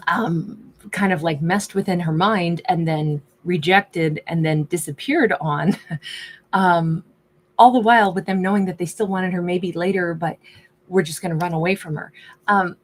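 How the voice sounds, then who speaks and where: A woman giving a casual tarot reading, musing aloud in a chatty way and often voicing the subject's thoughts. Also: lowish voice. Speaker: tarot reader.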